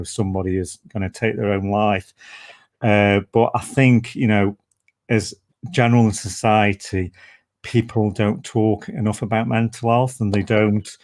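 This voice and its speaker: A man with a fairly low voice conducts an interview. He talks earnestly and haltingly, circling back with "you know" and restarts as he tells his story. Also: a little mellow. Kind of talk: conversational interview.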